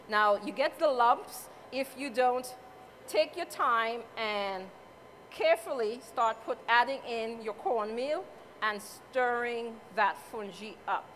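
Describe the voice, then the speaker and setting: Speaking in a Crucian Caribbean accent, a woman from Saint Croix in the US Virgin Islands runs a chatty live cooking demonstration, joking with the audience in an event hall. Her voice sits on the high side with a fairly bright tone, and a little hiss or hum can be heard.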